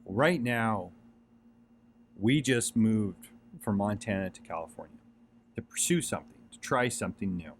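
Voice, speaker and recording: A man with a fairly low voice speaks earnestly, giving a casual motivational talk. He circles back over his points, repeats phrases and fills gaps with "um" and "like". A faint ambient hiss sits under the recording. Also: normal speed, long pauses. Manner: earnest, repetitive, many fillers and restarts.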